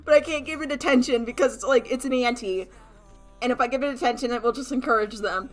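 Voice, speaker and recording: Drawing on stream, a young woman tells animated stories, giggling often and putting on mock voices as she chats. She speaks quickly in a somewhat high voice, and the audio is poor.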